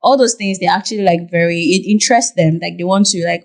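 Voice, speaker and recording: Speaking fast with a fairly low, slightly mellow voice, this Nigerian-accented woman is a podcast guest who works as a content creator and Korean interpreter. In the casual interview she tells animated stories, full of fillers and restarts.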